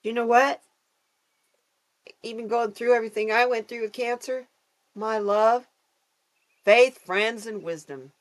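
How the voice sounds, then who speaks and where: A woman's voice: fairly high pitch, fairly even intonation, unhurried, pauses often. A woman hosting a casual card-reading livestream, effusive and affectionate, calling viewers honey and girl. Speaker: livestream host reading cards. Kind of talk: casual live chat.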